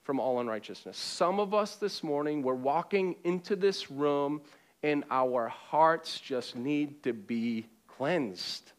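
A man in the pulpit, his voice pitched high, preaching with call-and-response. He swings between ringing exhortation and quiet, hushed passages, and drops in joking asides to the room. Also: animated, slow. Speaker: pastor. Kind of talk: sermon. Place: church auditorium with congregation.

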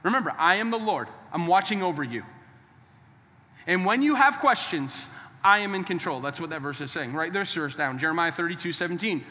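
A man preaching with a high, bright and forceful voice. His delivery is emphatic and conversational, and he urges the congregation to say lines back to him. His voice rings with the long reverb of a large hall. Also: animated, a little fast. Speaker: pastor. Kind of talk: sermon.

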